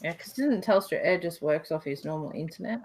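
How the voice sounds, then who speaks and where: A woman's voice: low voice, lively intonation, a little fast, darkish tone. A woman with an Australian accent hosting a casual livestream from her couch, chatting and reading out viewer questions. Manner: chatty, reads out viewer questions, laughs often. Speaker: livestream host. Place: home couch.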